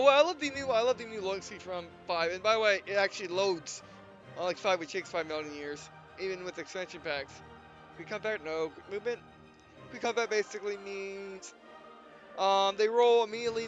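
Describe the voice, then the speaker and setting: A young man hosting a let's play, out of breath and rambling with halting restarts as he talks through a game. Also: high-pitched. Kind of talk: casual gameplay commentary. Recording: dull lo-fi mic with faint game music.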